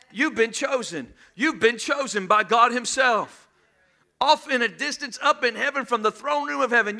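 A middle-aged pastor preaches a sermon with great passion, at times shouting and calling on the congregation to respond. His voice is very high and creaky.

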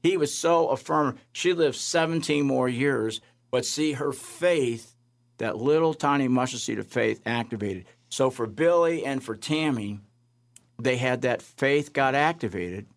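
Animated male chaplain telling faith stories. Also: mid-range voice, measured pace, creaky. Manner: animated, acts out voices in stories. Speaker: chaplain, guest. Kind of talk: storytelling testimony.

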